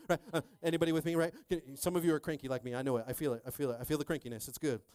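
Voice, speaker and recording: A man preaching a sermon as pastor, telling a personal story animatedly, swinging between hushed and loud, and checking in with the crowd again and again. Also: on the high side, very fast, hardly any pauses, dry recording.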